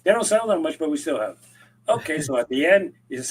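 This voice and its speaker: A man from Rico, a podcast co-host telling an animated story in casual chat, acting out the people he quotes and often restarting his sentences. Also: on the high side, fairly quick, breathy edge.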